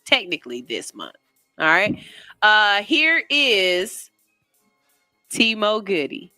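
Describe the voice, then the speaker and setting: A woman's voice: mid-range voice, big pitch swings, slow, pushed and bright, dry recording, studio quality, faint music behind. A woman hosting a morning radio show, chatting in a playful, teasing way. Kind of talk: casual morning radio chat. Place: radio studio.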